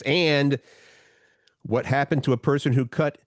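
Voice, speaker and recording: A man's voice: mid-range voice, steady tone, unhurried, dry recording, clean studio sound. A man co-hosting a casual morning podcast, easygoing and teasing. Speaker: co-host.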